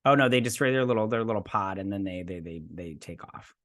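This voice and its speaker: A man's voice: lowish voice, fast talker, a bit bright. A man hosting a casual episode recap and review, rambling through a loose play-by-play and adding his own sound effects. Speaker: host.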